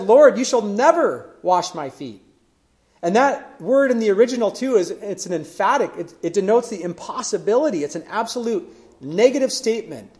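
A man's voice: sits high, darkish tone. A man preaching a sermon in an earnest way, building emphasis through questions. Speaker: pastor.

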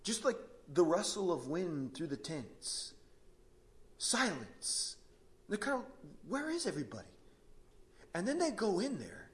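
Man, preacher, sermon, high voice, animated storytelling, self-interrupting. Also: measured pace.

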